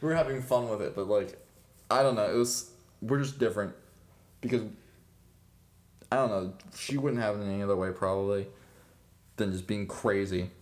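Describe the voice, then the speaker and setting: A man's voice: fairly low pitch, steady tone, normal speed, pauses often. A young man chatting casually as a podcast co-host, rambling with lots of fillers and frequent laughs. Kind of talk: casual chat.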